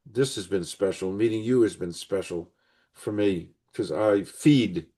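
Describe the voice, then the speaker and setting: A man's voice: fairly low pitch, a little slow, warm tone. An older man hosting an interview, telling a long personal story in an earnest, rambling way. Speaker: podcast host.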